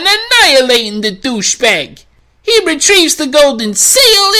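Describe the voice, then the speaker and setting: A woman's voice: sits high, big pitch swings, measured pace, sharp tone. A woman host narrating a snarky, profane comedic anime review.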